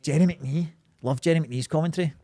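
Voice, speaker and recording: A man's voice: on the high side, brisk, no echo. A man with a Glaswegian accent, co-hosting a podcast in sweary, jokey casual banter. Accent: Scottish, Glaswegian. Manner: sweary, jokey, animated storytelling. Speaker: podcast co-host.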